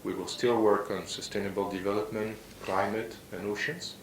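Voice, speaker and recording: A man ambassador giving a press statement in a halting way with pauses. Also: steady tone. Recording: echoey room with rumble.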